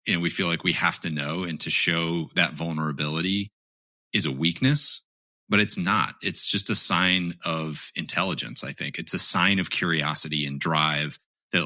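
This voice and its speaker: Bright-toned low male podcast host. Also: no echo. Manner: affirming, reflective. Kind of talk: conversational interview.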